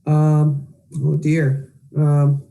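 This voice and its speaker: A man's voice: fairly high pitch, completely flat delivery, very slow, creaky, warm tone. A man playing a tabletop game, hesitant, narrating his character's actions.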